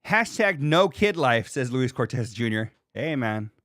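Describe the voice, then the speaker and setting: A man in his thirties hosting a podcast in casual chat, animated and profane, reading comments from a live chat. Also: medium pitch, measured pace, dry recording, clean studio sound. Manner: animated, profane, laughs and mimics people. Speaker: podcast host.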